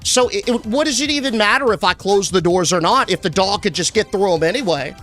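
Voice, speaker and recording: A young man streaming a game live, chatting casually and answering his chat with shout-outs. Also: high-pitched, fairly quick, soft background music.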